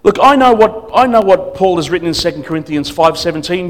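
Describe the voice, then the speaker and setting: This is a man giving a sermon as a guest pastor. His voice sits a little high for a man. He mixes humor into his stories and acts out the voices of the people in them. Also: fairly quick, hardly any pauses. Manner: storytelling with humor and acted quotes.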